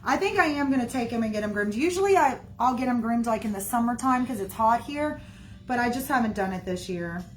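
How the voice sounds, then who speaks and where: A woman's voice: a little high, lively intonation, brisk, slight background noise. A woman chatting casually to her viewers in a rambling way, full of fillers and "y'all". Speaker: livestreamer talking to viewers. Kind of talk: casual chat.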